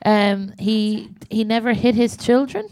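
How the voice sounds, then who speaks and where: A woman's voice: on the high side, fairly even intonation, a little slow, darkish tone, no echo. A woman guesting on a live comedy podcast, riffing on jokes and giggling. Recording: live audience behind.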